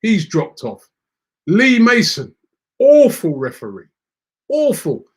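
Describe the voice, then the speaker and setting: A man's voice: high-pitched, wildly swooping pitch, slow. A man hosting a football fan show, reading out viewer comments and ranting with exasperation, often repeating words when worked up. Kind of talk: animated casual rant.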